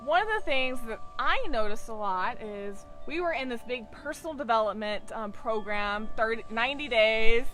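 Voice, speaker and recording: A woman, a tantra teacher, telling a personal example in slow, unhurried casual chat. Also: high-pitched, sharp tone.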